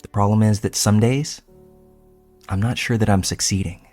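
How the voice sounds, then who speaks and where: A man reading a first-person horror story aloud in a measured storytelling manner, with casual cursing. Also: fairly low pitch, steady tone, a little mellow. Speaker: narrator. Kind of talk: scripted horror story narration. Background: faint music.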